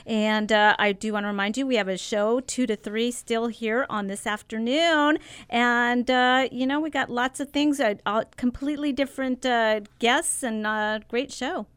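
Radio host, woman, bubbly, smooth clear voice, slightly high, dry studio sound. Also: normal speed, a bit bright, dry recording. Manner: bubbly, laughs often. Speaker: radio talk show host. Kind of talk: casual radio banter. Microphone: studio mic.

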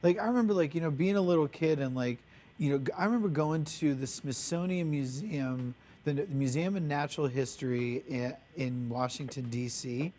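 A man with a somewhat high voice, speaking as a baker guest in a casual interview. He talks eagerly and loosely, packing his sentences with "like" and "you know.". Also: moderate pace, warm tone, a little hiss or hum. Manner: eager, filler-heavy, lots of "like" and "you know".

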